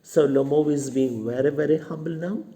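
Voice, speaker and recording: A man's voice: fairly high pitch, moderate pace, dark tone. A male college English lecturer with an Indian English accent, explaining a play to students and retelling each line in simple words.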